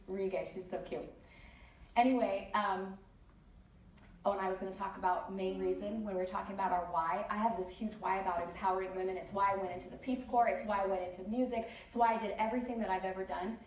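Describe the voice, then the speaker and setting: A woman speaker giving a lively motivational talk at a conference, telling stories with many chatty asides. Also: medium pitch, fairly quick. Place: large conference hall. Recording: echoey hall, distant mic, faint noise.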